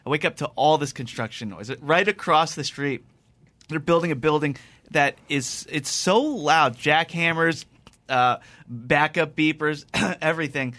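A man hosting a podcast, telling a story in a casual, animated way, laughing and acting out his phone calls. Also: a little high, a little slow, no echo. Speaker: podcast host.

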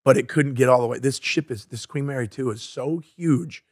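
A man co-hosting a casual podcast chat, blunt and animated, swearing freely as he tells stories. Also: medium pitch, moderate pace, no echo, clean studio sound. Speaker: podcast co-host. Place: podcast studio.

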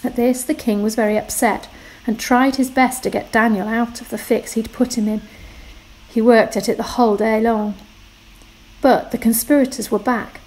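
Woman, Bible reading, clear and expressive, fairly high pitch. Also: moderate pace, rough recording. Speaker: scripture reader.

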